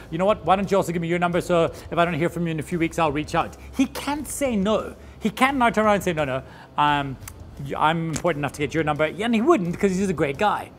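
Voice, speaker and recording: A high-pitched man speaks in an animated storytelling voice and swears freely. He acts out his inner voice while he tells the story. Faint music plays underneath. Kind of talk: storytelling talk.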